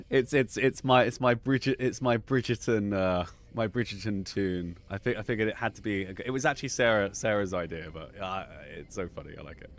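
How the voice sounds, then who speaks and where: A man's voice: fairly low pitch, lively intonation, normal speed. A man hosting a live gaming chat stream, chatty and effusive, often laughing.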